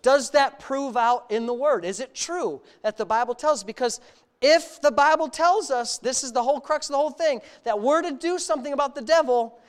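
Smooth-voiced earnest preacher. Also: sits high, a little fast. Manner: earnest, emphatic, asks the congregation questions. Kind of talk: sermon, reading a story aloud with comments.

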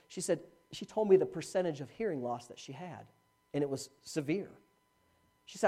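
Animated male preacher telling a story. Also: on the high side, a little fast. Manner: animated storytelling, swinging from hushed to shouting. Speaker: pastor. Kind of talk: sermon.

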